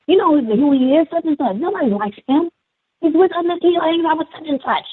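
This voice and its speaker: A man's voice: extremely high pitch, lively intonation, quick pace, no echo, pitched above the performer's own voice. A caller mimicking a dismissive, indignant woman teacher's assistant who scoffs and repeats her complaints. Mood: scoffing. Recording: tinny phone line.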